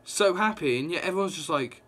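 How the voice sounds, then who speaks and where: A young man recapping a comic book issue in a casual, excited ramble, full of "like" and quick reactions. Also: a little high.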